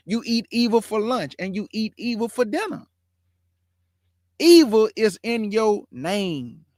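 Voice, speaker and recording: A man with a notably high voice delivers fiery preaching-style commentary as the host of his own show. He hammers his points home with emphatic repetition, and the sound is dry and close with no room echo.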